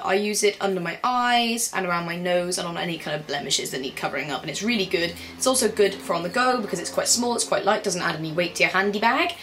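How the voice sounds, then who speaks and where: A young woman talks through her favourite things in a bubbly, chatty way. Her voice sits a little low, and she jumps into playful put-on voices now and then. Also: a bit bright, a little hiss or hum. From Britain. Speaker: beauty vlogger. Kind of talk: casual chat.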